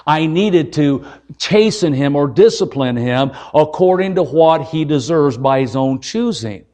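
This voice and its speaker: Middle-aged male evangelist, high voice, folksy jokey sermon that keeps calling on "folks". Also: lively intonation, a little slow, dark tone.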